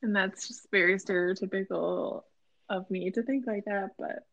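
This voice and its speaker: A young woman with a Minnesotan accent chatting casually as a podcast co-host, full of fillers and quick laughs. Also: medium pitch, fairly even intonation, poor audio. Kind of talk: casual chat.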